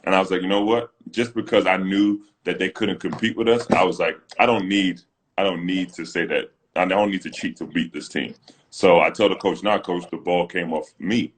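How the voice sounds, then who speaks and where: At a moderate pace, this deep-voiced British man, a former pro basketball player, tells lively stories while co-hosting a casual live video chat streamed from a phone. He acts out the quotes and laughs a lot.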